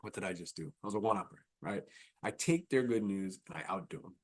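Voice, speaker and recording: A man's voice: low voice, animated, fast talker, darkish tone. A man giving a conference talk in a conversational style, often checking in with his audience by asking "right?". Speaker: keynote speaker. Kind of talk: conference talk with acted examples.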